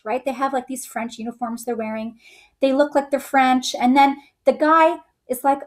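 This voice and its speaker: A woman's voice: sits high, normal speed. Chatty woman telling history like a story. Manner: chatty, acts out quoted soldiers in raised voices. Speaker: history teacher. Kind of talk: casual storytelling lecture.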